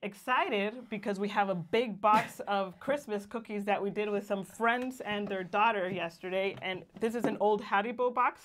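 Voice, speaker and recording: A woman's voice: medium pitch, normal speed, few pauses, a bit bright, slight background noise. A young woman from Guatemala co-hosting a casual livestream, reading viewer greetings aloud and laughing often. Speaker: co-host of a livestream.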